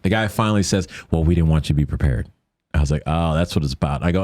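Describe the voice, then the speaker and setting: A man telling a story casually as a guest, animated, acting out quotes in a higher voice. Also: fast, no echo.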